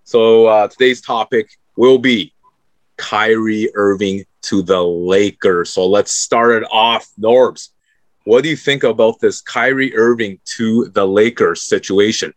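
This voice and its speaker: A man co-hosting a casual sports podcast, giving jokey and animated opinions. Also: on the low side, measured pace, no echo. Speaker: podcast co-host.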